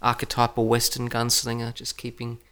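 A man's voice: medium pitch, monotone, moderate pace, pushed and bright, clear, resonant tone. An Australian man hosting a podcast in casual chat, wry and steering the segments along. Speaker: podcast host.

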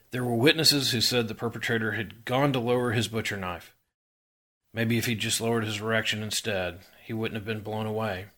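Brief: male reader, lowish voice, even and dry crime-story narration. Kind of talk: reading a hard-boiled crime story aloud.

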